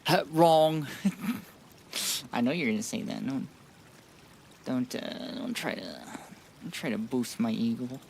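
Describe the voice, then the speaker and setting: A man gives casual commentary while playing a game, talking mostly to himself in a low, muttering way. He jokes at his own expense and drifts between quiet mumbles and brief bursts of louder chat. His voice sits at a medium pitch. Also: measured pace, vocal fry, pauses often, slight background noise. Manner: chatty, self-deprecating, often mutters quietly to himself. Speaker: gaming streamer.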